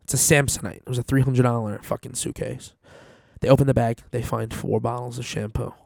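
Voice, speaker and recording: A man's voice: medium pitch, fairly quick, gravelly, no room sound, clean studio sound. A man telling a story in casual chat, swearing a lot and acting out his lines. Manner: swears a lot, animated retelling. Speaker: storyteller guest.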